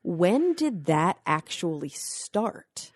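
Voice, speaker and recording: A woman's voice: lowish voice, very animated, drawn-out words, no room sound, clean studio sound. A woman co-hosting a podcast, musing in loose phrases full of fillers. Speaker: podcast co-host. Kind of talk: casual panel discussion.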